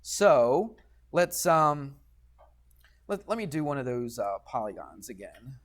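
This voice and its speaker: A man's voice: medium pitch, sing-song, slow pace. A man teaching a geometry lesson in a classroom, patient and chatty, often checking in with the students. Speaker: high school math teacher.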